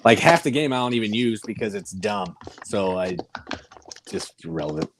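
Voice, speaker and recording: Guy on a game stream, big swooping pitch, rants hard about games he hates. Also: animated, moderate pace, a little hiss or hum. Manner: emphatic, ranting, blunt put-downs. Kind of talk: casual livestream chat.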